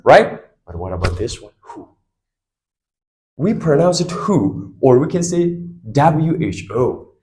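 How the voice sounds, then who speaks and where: A man's voice: medium pitch, darkish tone, poor audio. A man teaching an English grammar lesson, quizzing his students with repeated questions.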